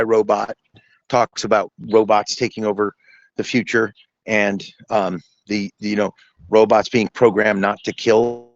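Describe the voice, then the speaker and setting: Rambling excitable man on lo-fi audio. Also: fairly low pitch, creaky. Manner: excitable, rambling, says dude a lot. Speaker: podcast host, comic book publisher. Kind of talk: casual podcast chat. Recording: dull lo-fi audio.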